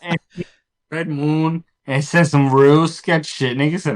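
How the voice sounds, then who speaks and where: A man with a somewhat raised pitch co-hosting a comics podcast. He talks bluntly and swears a lot, throwing in animated, incredulous reactions. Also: slow. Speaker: podcast co-host. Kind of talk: casual comics discussion.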